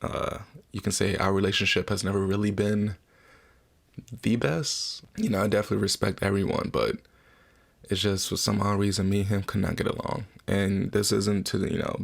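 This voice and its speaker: A man's voice: lowish voice, gravelly. A man in his twenties, a podcast host, telling a candid personal story in a casual, emotional way and swearing freely.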